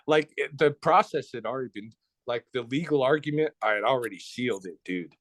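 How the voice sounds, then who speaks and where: A man's voice: medium pitch, brisk, a bit bright, no echo. Blunt, profane man telling a story. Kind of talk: casual spoken storytelling.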